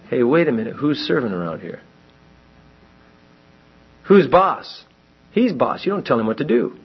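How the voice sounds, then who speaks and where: A lively male preacher with a slightly high, husky voice, delivering a sermon and slipping into little acted-out voices to make his points. The recording sounds dull and lo-fi. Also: moderate pace, pauses often. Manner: animated, acts out quoted voices.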